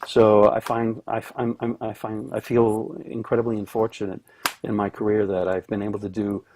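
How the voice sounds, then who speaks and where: A middle-aged Canadian orchestral cellist joins a video call as a guest and talks casually, with background noise in the mix. His voice is fairly low and level, at a normal speed. He rambles, often restarting sentences and using plenty of fillers.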